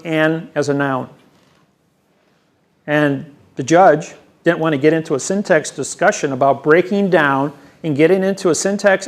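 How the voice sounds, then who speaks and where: A man giving a rambling seminar lecture, boastful and emphatic, sure of his own expertise. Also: on the high side. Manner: boastful, emphatic, self-assured. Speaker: seminar presenter. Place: seminar room.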